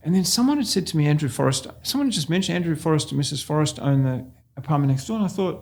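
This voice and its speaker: A man's voice: on the high side, rapid-fire, creaky. An Australian man, a real estate agent, telling anecdotes in a casual interview and often laughing as he goes. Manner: animated storyteller, laughs while telling anecdotes.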